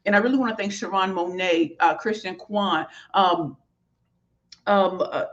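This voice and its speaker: A woman speaker and author chats in a heartfelt, rambling live stream, full of fillers and warm thanks to her viewers. She talks from a small office in a hotel suite. The stream audio is dull and lo-fi. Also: on the low side, a little slow, a little hiss or hum.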